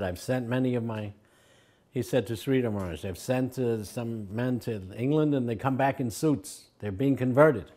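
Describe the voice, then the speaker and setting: Older man, anecdotal storytelling, mid-pitched voice, acts out quotes, chuckles. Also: dark tone. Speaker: disciple recalling his teacher.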